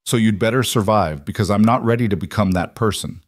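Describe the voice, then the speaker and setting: A man's voice: on the low side, a little fast, no echo, lightly acted. A man voicing a fierce young woman in love in a cowboy storybook who speaks urgently.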